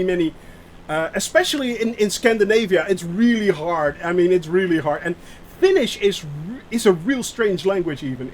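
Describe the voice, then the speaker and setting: Streamer, male: high pitched and very animated, chatty and self-mocking, halting with fillers, a faint hum under the desk mic. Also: rough recording. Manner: rambling, self-mocking, answers chat aloud; halting, many fillers and restarts. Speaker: flight sim streamer. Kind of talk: live-stream chat while playing.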